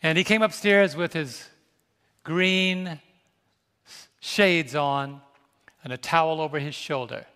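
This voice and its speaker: An older male pastor from New York shares a tender family memory from the pulpit, his voice sitting a little high for a man. He reaches out to the congregation as he speaks, and his sermon rings through a large hall with a long, lingering reverb. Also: fairly even intonation, slow, pauses often, sharp tone, smooth. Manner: personal, emotional, calls out to the congregation. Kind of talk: storytelling sermon.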